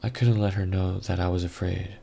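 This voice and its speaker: A man reading a scripted horror story aloud in a measured, grave first-person telling. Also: deep voice, steady tone, gravelly, warm tone, husky. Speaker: story narrator.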